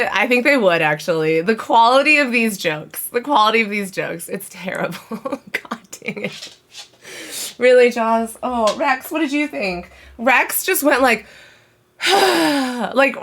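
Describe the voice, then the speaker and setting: A woman's voice: fairly high pitch, sharp tone. A woman livestreaming from home, chatting casually and rambling to her viewers. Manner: chatty, rambling, talks to chat. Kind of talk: casual live-stream chat.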